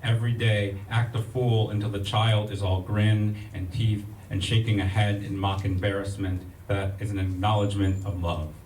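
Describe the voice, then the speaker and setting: An American man giving a poetry reading at a library event, reciting in a measured, rhythmic way with casual asides to the audience. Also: on the low side, little pitch movement, a little mellow. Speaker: poet. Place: public library event room. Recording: echoey room, distant mic, faint ambient noise.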